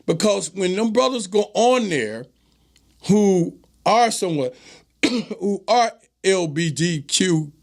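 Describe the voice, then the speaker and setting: Male host, high-pitched with a gritty fry, emphatic commentary monologue that hammers on repeated phrases. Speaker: show host. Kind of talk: direct-to-camera commentary monologue.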